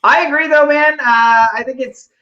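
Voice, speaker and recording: A man in his thirties co-hosting a podcast, talking calmly and sounding amused. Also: very high-pitched, normal speed, dull audio. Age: 30s. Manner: calm, amused, conversational. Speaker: podcast co-host.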